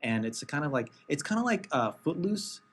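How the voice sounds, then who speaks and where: A man co-hosting a casual podcast chat, halting and full of fillers, poking fun at himself. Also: fairly high pitch, big pitch swings, slight background noise. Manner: hesitant, many fillers and restarts, self-mocking. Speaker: podcast co-host.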